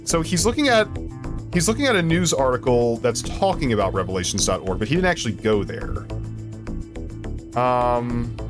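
A young man commenting on a game he plays, excitable and goofy, often laughing. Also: medium pitch. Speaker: gaming video host. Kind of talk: let's play commentary.

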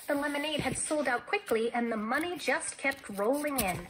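A woman teacher reads a children's novel aloud to her class. Her delivery is expressive, and her voice sits fairly high. She tells the story like a storyteller, shaping each line. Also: normal speed, few pauses, slight background noise, rough recording.

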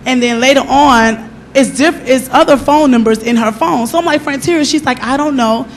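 High voiced woman sharing her testimony at church, chatty and animated, acts out what everyone said. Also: moderate pace, slight background noise. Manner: animated storytelling, acting out her own and others' words. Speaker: church member giving testimony. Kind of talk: personal testimony at a church service.

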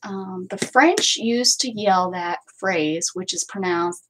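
Husky chatty woman crafting at home. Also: medium pitch, slow pace, poor audio. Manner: chatty, rambling, answers viewer comments aloud. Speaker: crafting channel host. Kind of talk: casual livestream chat while crafting. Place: at home with her cats.

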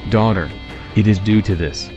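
A man voicing Jesus as a calm, fatherly guide, speaking gently and solemnly in a scripted reading. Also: fairly low pitch, moderate pace, lo-fi sound, faint music behind, lightly acted.

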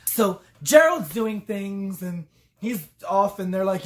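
A woman's voice: mid-range voice, normal speed. A tipsy woman vlogger giving a rambling comic review, swearing freely and acting out quotes along the way.

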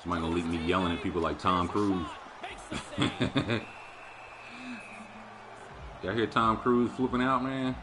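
With hockey game crowd sounds and commentary in the background, a streamer plays a hockey video game, chatting casually and animatedly and cursing freely. His voice is fairly low with little pitch movement, unhurried and marked by long pauses.

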